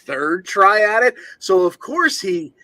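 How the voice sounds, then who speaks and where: A man co-hosting over a video call, with a bright, forward voice recorded close and dry. He recaps matches casually, rambling through them with fillers. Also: high voice, slow pace, no echo. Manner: relaxed, rambling play-by-play with fillers. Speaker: podcast co-host.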